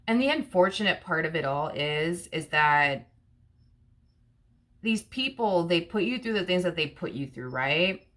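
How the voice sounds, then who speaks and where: A woman's voice: lowish voice, expressive, unhurried, a bit bright. A woman giving a casual tarot reading to camera, repeating herself with rhetorical questions and many fillers. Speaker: tarot reader.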